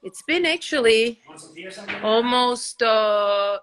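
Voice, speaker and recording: A woman hosting a casual livestream chat from her couch, telling stories in an animated, bubbly way. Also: a little high, very slow, a little hiss or hum. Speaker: host. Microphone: phone.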